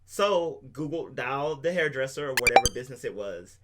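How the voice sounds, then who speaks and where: A man's voice: mid-range voice, expressive, a little fast, heavy background noise. A man co-hosting a podcast, explaining things at length with enthusiasm in a casual chat. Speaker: podcast co-host.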